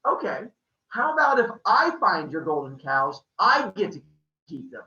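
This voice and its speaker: A cheeky young boy god turns down offers flatly and bargains with sly stubbornness, as a man puts him on. The voice sounds muffled, distant and roomy. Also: high voice, measured pace, exaggerated voice. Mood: cunning.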